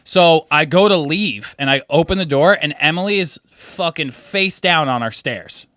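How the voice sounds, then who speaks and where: A man's voice: fairly high pitch, normal speed, sharp tone, no echo, clean studio sound. A young man casually telling a story on a podcast, swearing freely and acting out what people said. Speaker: podcast co-host. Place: New York City apartment.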